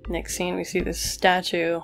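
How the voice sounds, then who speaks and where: A woman's voice: lowish voice, completely flat delivery, a little slow, creaky, music in the background. A young woman reviewing a comic chapter, reading it aloud with casual, sarcastic commentary. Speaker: manga reviewer.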